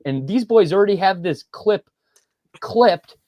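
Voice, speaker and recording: A man's voice: high-pitched, expressive, a little slow, warm tone, dry recording. A man co-hosting a podcast, telling a story with lots of energy, acting out quotes and laughing often. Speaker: podcast co-host. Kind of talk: casual podcast banter.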